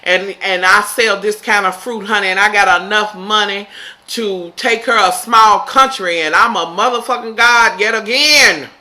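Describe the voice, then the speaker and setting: A woman casually recapping a TV episode, swearing freely and shouting in disbelief. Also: medium pitch, moderate pace. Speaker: TV episode reviewer.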